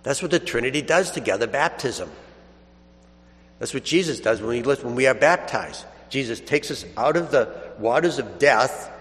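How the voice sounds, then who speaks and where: A man's voice: mid-range voice, lively intonation, moderate pace, a bit bright, long reverb tail. A man, a priest, giving a sermon in a conversational storytelling way, chuckling now and then.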